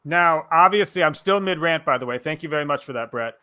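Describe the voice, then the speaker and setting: Brash co-host, a man who rants hard and swears freely, voice a touch high. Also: fairly quick. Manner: loud, profane, ranting. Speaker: podcast co-host. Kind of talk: casual chat.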